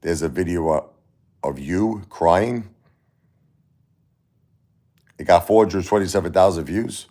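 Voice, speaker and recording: A man's voice: deep voice, takes it slowly, long pauses. A man with a Brooklyn New York accent, hosting a casual livestream and chatting with viewers as he reads their comments aloud. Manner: animated, reads chat aloud, mock-Italian tough-guy phrases. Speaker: livestream host.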